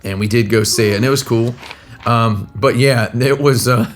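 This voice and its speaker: A man's voice: mid-range voice, normal speed, faint music behind. Rambling man telling stories on a stream. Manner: rambling, self-interrupting, laughing at own jokes. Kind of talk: casual live-stream storytelling. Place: hotel room. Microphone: laptop microphone.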